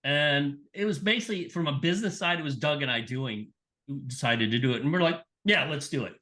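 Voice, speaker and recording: Slightly fast and somewhat high-pitched, this middle-aged man is a sports nutrition scientist guesting on a podcast. His casual interview storytelling is animated, with the people he quotes acted out.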